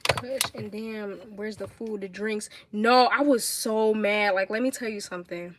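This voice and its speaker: A woman's voice: mid-range voice, unhurried, background noise. Blunt young woman with a New York accent. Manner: blunt, animated, swears a lot. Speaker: livestreamer. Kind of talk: casual storytelling chat.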